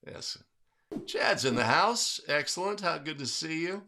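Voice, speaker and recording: Upbeat bright-voiced man hosting a livestream. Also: a little high, expressive, a little slow, slight background noise. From California. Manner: upbeat, greets chat viewers by name. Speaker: livestream host. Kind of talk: casual livestream chat.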